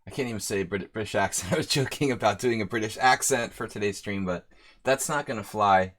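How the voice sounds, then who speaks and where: A man's voice: medium pitch, animated, a little fast, a bit bright. Man, chess streamer, casual live-stream chat, rambling, reads out viewer names, mid-range voice. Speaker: chess streamer hosting a simul.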